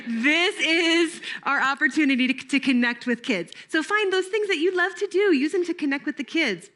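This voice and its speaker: A woman's voice: high-pitched, normal speed, sharp tone. A middle-aged woman giving a playful camp training talk to volunteers, laughing often and breaking into made-up jingles.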